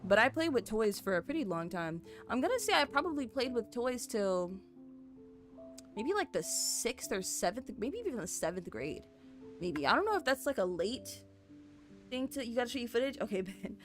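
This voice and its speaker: Soft music plays behind a young woman streamer whose fairly high, very animated voice moves at a moderate pace. Building in a game, she rambles casually to her chat, sprinkling in plenty of "like" and "you know," and stays chatty and apologetic with viewers.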